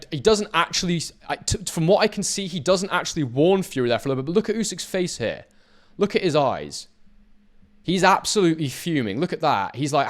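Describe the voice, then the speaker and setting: A man analysing boxing footage, speaking emphatically and addressing his viewers directly. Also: on the high side. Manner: emphatic, talks straight to viewers. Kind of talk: talking over fight footage.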